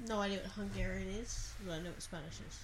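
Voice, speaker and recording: A woman co-hosts a relaxed podcast conversation with a mid-pitched voice. Her replies are short, with some stops and restarts. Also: quick pace, a little hiss or hum, poor audio. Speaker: podcast co-host. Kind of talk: casual chat.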